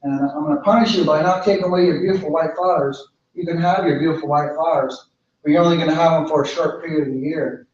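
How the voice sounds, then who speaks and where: A man voicing the creator spirit, a stern judge who speaks in a measured way. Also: on the high side, steady tone, a little mellow, close to an everyday voice. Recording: echoey room, far mic, dull.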